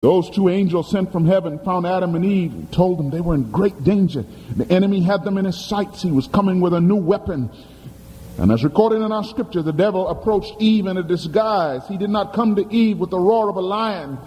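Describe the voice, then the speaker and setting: A man's voice: high-pitched, brisk, mellow. A man preaching a sermon in a church, with emphatic, dramatic storytelling and questions thrown to the congregation. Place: church sanctuary. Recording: long hall reverb, faint ambience.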